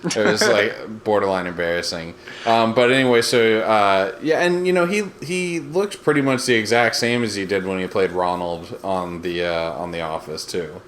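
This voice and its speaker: Podcast co-host, man, deep voice, dry teasing recap chat. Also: moderate pace, a bit bright, slight background noise. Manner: dry teasing humor, many fillers.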